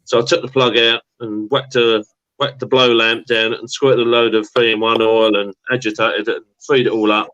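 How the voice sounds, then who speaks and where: A man's voice: medium pitch, little pitch movement, moderate pace, fairly bright tone, no echo, lo-fi sound. A man with a mixed Essex and Suffolk accent, chatting casually on a live stream as a guest, rambling with lots of fillers and hesitations. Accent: Essex and Suffolk mix. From England. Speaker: guest mower enthusiast.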